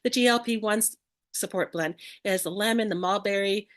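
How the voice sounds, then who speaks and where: A woman's voice: medium pitch, a little fast, fairly bright tone. A woman co-presenting an online class over a video call, bubbly and tripping over ingredient names.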